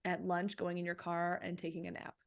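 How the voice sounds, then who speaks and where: A woman with a low, gravelly voice answers interview questions about her book. She speaks in a flat, even line, gives practical coaching advice and keeps asking "right?". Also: fairly quick. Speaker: author and guest.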